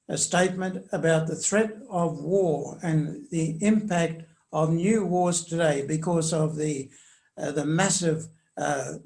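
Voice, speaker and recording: An older man speaks in a gravelly voice that sits a little high for a man. He answers questions in a measured, hesitant way, often pausing on fillers. He leans on the quoted passages when reading them aloud. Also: darkish tone. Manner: reads quotations aloud with emphasis. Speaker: commentator on church social teaching.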